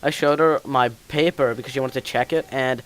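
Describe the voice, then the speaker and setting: A man's voice: medium pitch, steady tone, brisk. A teenage man hosting a casual gaming podcast, rambling through school stories with lots of fillers. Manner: rambling storyteller, many fillers. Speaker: podcast host. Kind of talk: casual chat while gaming.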